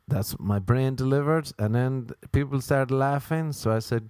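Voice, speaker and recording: A man, a comedian and podcast host telling stories in an animated, profane way. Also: mid-range voice, moderate pace, no room sound.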